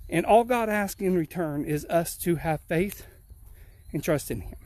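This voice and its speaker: A man with a high voice preaches in steady, repeating phrases as he walks uphill outside. He sounds slightly out of breath, speaking into a handheld phone. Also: measured pace, a little hiss or hum. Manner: earnest, repetitive preaching cadence. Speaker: pastor. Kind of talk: outdoor livestream devotion. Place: outdoors on a rural hill.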